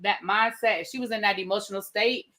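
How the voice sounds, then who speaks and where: A woman's voice: mid-range voice, fast talker. A woman with a Washington DC accent, telling stories in a casual, slangy chat as a podcast co-host. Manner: animated storytelling, slangy, acts out her own past remarks.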